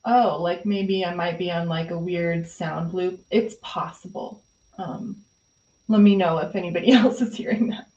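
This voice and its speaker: A woman's voice: on the low side, fairly even intonation, normal speed, a little mellow. A woman chatting casually on a live stream while she paints, reading viewer comments and talking through her pastel work with many fillers. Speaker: host of an art live stream. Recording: slightly dull, lo-fi stream audio.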